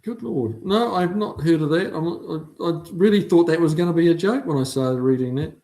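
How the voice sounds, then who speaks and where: A middle-aged New Zealand man with a slightly high, warm voice and a Kiwi accent chats at a moderate pace while reading viewer comments aloud on his livestream. He sounds laid-back and says "um" a lot.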